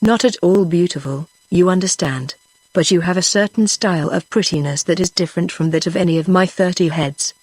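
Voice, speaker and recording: A woman's voice: lowish voice, brisk, a little mellow, dry recording, lightly acted. A synthetic woman's voice reading the lines of a haughty, vain princess in a storybook, with barely any change from the narration.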